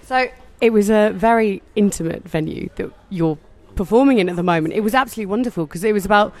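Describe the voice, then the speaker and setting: A woman's voice: medium pitch, quick pace. A woman hosting a podcast interview, enthusiastic and giggly, full of compliments for her guest. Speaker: podcast host.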